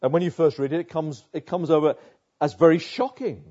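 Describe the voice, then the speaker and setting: A man's voice: a little high, fairly quick, dark tone, dull audio. A man preaching a sermon, emphatic, repeating words and asking rhetorical questions.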